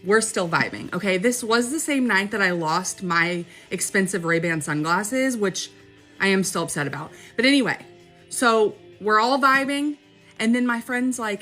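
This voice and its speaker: A young woman tells a wild personal story straight to her audience in a casual, chatty way. Her voice is bright and clear, pitched in a middle range for a woman. She keeps checking in with her listener as she goes. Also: moderate pace, faint music behind.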